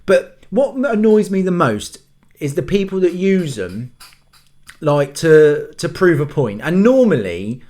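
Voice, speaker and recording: A man's voice: a little high, very animated, slow, darkish tone. Ranting dad on his channel. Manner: exasperated ranting with self-mocking asides. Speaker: host. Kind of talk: casual rant to camera.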